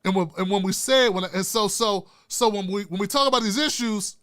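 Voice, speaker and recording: A man's voice: high-pitched, brisk, fairly bright tone. A man hosting his own commentary show, speaking with passion, often repeating and restarting phrases for emphasis and talking straight to his viewers. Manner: addresses viewers directly and casually. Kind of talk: impassioned political commentary.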